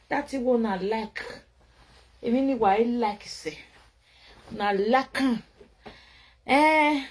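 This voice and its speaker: Slow, drowsy Nigerian woman vlogger. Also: a little high. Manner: drowsy, rambling, drifting between loud and murmured. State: tired, drinking wine. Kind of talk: late-night casual livestream chat.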